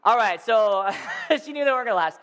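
Man, 30s, high voice, playful storyteller, talks to the crowd, large hall with long reverb. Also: lively intonation, a little fast, a bit bright. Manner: playful, addresses the crowd directly. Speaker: storyteller speaking to an audience. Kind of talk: animated personal storytelling.

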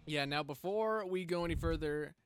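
Faint music plays behind this podcast host, whose slightly high voice is clear and resonant at a moderate pace, with no room sound. He chats casually at home, rambling with plenty of fillers while speaking close into a stand-mounted drum mic.

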